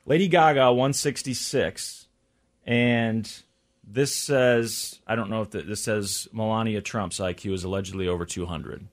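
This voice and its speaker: A man's voice: lowish voice, unhurried. A man hosting a radio show in casual on-air chat. He muses aloud while reading items from a list. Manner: chatty, musing aloud, reads items from a list.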